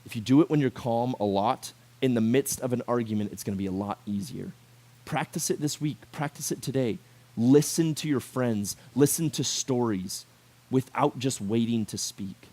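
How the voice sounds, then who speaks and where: A man preaching a casual youth sermon to high schoolers, animated and conversational, full of rhetorical questions and filler words. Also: moderate pace. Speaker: youth pastor.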